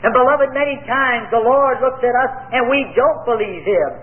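A man's voice: very high-pitched, normal speed. An American man preaching a sermon, earnest and emphatic, mixing scripture with personal stories. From United States. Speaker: pastor. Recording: tinny phone-like lo-fi audio.

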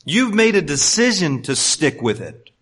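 A pastor with a slightly high voice preaches at a measured pace, animated and swinging from loud emphasis to hushed tones. He sprinkles in folksy, humorous asides.

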